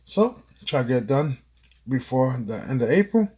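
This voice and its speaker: A man reads his own book aloud in an amateur audiobook, putting clear effort into expression. His voice is slightly raspy and sits at a middle pitch. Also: moderate pace. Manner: expressive, earnest. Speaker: author and narrator.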